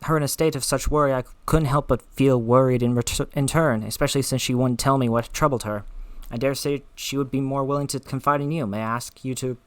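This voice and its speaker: A man voicing an earnest, devoted woman guard captain with an attempted Scottish accent. She speaks in formal, old-fashioned phrasing, steady and mid-pitched, like video game dialogue read aloud. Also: fairly quick, hardly any pauses, dry recording, close to an everyday voice.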